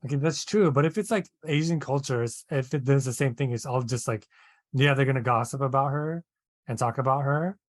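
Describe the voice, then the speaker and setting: A man's voice: medium pitch, a little fast, dry recording. A man co-hosting a casual chat, hesitant and full of fillers, laughing often. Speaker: podcast co-host.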